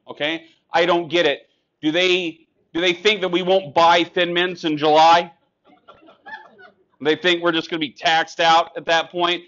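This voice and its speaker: Ranting stand-up comic, high and muffled. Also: male voice, fairly bright tone. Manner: ranting, sarcastic, crowd-addressing. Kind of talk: stand-up comedy set. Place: comedy club stage.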